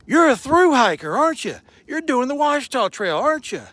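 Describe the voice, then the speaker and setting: A man acting out an overeager middle-aged male camper who gushes with excitement. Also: a little high, fairly quick, dry recording. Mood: excited. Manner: excited, gushing.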